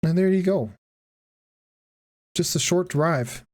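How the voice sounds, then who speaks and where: A woman's voice: on the low side, takes it slowly, darkish tone. A woman streaming a game, giving casual, profane, joking commentary and laughing often.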